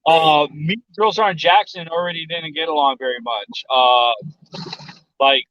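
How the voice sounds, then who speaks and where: A man's voice: fairly high pitch, unhurried, dull audio, a crowd in the background. A man from South Texas telling a story in casual chat, blunt and profane, and he acts out the voices of other people. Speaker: podcast guest.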